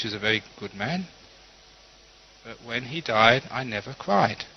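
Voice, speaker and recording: A man, a Buddhist teacher giving a calm, storytelling dharma talk with gentle humor. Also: medium pitch. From London. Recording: dull lo-fi recording.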